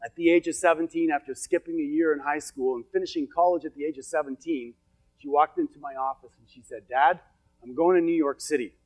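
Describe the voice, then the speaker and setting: A middle-aged man speaks to a live audience as a motivational speaker, his voice sitting a little high for a man. He tells personal stories with emphatic, repeated phrases, and soft music plays faintly under him. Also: fairly even intonation, quick pace. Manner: storytelling, emphatic, repetitive. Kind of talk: motivational seminar talk. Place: event hall with an audience.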